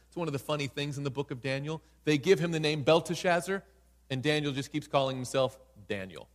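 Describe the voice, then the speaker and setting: A man delivers a sermon, his voice sitting a little high. He tells the story in an animated way and tosses in playful asides. A long reverb trails behind him, like in a large church hall. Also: a little fast. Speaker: preacher.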